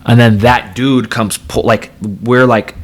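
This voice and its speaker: A man's voice: mid-range voice, steady tone, unhurried. A man in his thirties, a podcast guest telling stories in a rambling, casual way, full of fillers and swearing. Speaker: podcast guest, pro fighter. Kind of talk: casual storytelling chat.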